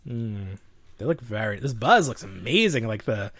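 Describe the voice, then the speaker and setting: A male podcast co-host chats casually, with a lively voice that swings up and down. He rambles and laughs a lot, heard close on a dry, deadened mic. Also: lowish voice, moderate pace, dry recording. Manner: animated, laughs often, rambling.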